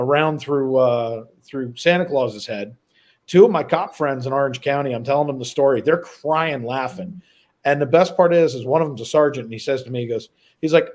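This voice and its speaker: A middle-aged man hosting a live stream, telling a story with lively acted-out dialogue. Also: mid-range voice. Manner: animated storyteller, acts out dialogue. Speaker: host.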